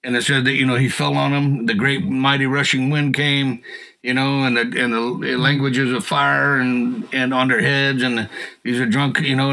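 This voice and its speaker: A man's voice: medium pitch, low-quality recording. A man sharing a personal faith testimony in casual conversation, acting out the people he quotes. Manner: animated storyteller who acts out quotes and laughs.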